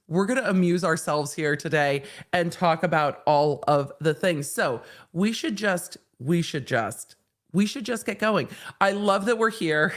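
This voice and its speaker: A woman hosting a casual livestream, playful and excitable, reading viewer comments aloud into a studio mic. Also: on the low side, moderate pace. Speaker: legal commentator, host. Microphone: studio microphone.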